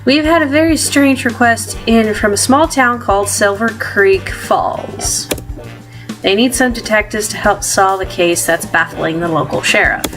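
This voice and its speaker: Woman doing a gruff commanding police captain, game music underneath. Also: medium pitch, measured pace, fairly bright tone, natural voice. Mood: brisk. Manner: gruff put-on voice she keeps dropping.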